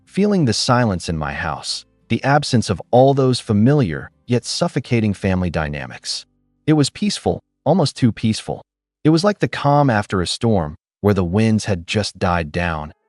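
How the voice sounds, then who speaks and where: A man narrating a dramatic first-person story in a scripted, animated storytelling manner. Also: lowish voice, dry recording.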